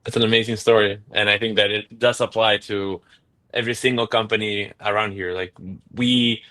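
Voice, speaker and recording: A man's voice: fairly low pitch, little pitch movement, normal speed, pushed and bright. A man hosting an interview show, responding with enthusiastic praise and thanks. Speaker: host. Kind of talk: interview host wrap-up.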